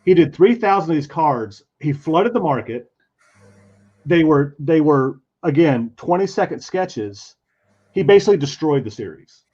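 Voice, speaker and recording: A man's voice: on the high side, measured pace, husky. Man telling a convention story. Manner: animated, acts out quoted voices. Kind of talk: casual storytelling while drawing. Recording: dull lo-fi stream audio.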